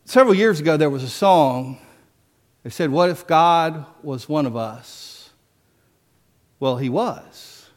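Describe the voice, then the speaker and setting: Man, preacher, sermon, high voice, animated storytelling, hushed solemn moments. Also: unhurried. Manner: animated storytelling, acts out voices, drops to a hush for solemn points.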